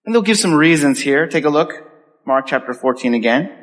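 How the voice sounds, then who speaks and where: Male pastor, sermon delivery, lively and expressive, slightly high voice, long hall reverb. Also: brisk. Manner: animated, acts out quoted voices.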